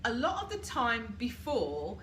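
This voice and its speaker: British woman, live-stream coach, animated delivery, roomy home audio with faint appliance hum. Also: on the high side, a little slow. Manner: chatty, asks listeners reflective questions and greets viewers. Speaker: coach hosting a live group session. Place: home, washing machine running nearby. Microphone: laptop or phone camera for a live stream.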